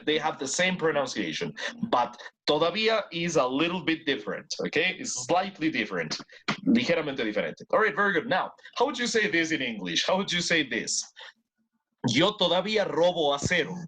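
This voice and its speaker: A man's voice: on the high side, very animated, brisk, bright, forceful tone, a little hiss or hum. Encouraging bilingual English teacher, man. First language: Spanish. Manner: switches between English and Spanish, encouraging, repeats words for drills. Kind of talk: online class teaching.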